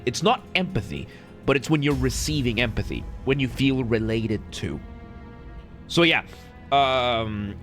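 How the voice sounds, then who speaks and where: A man with a medium-pitched, slightly bright voice streams a game and gives casual live commentary. He jokes with chat, rambling and correcting himself as he goes.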